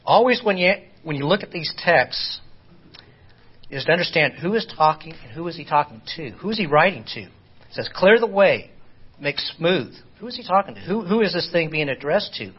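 A man teaching an informal Bible study lesson, halting and repeating words as he asks his class rhetorical questions. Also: on the high side, expressive, breathy edge. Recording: dull lo-fi recording.

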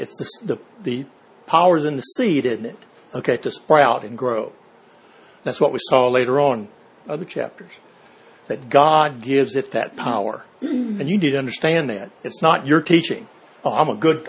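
A man's voice: a little high, dull audio. Man teaching a casual Bible class. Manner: asks rhetorical questions, checks in with "okay?" and "see?"; reads verses aloud, then explains them in plain words.

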